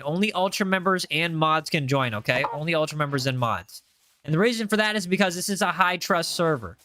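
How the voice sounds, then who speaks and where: A man live streaming, chatting casually with his viewers, animated and repeating himself as he banters with chat. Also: sits high, dry recording, studio quality.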